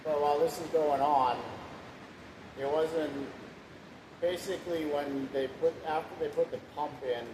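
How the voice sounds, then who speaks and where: A man's voice: a little high, steady tone, unhurried, pauses often. Plainspoken man telling his story, echoey room. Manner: rambling, plainspoken, swears now and then. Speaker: husband sharing his testimony. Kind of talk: casual storytelling. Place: room at home. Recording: echoey room with background hiss.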